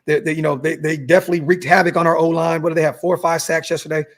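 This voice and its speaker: A man's voice: on the high side, little pitch movement, very fast, vocal fry. A young man hosting a sports podcast livestream, fired up and cursing as he reads out chat messages and repeats himself. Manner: fired-up, swears, repeats words, reads superchats aloud. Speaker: podcast host reading live chat. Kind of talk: animated sports talk livestream.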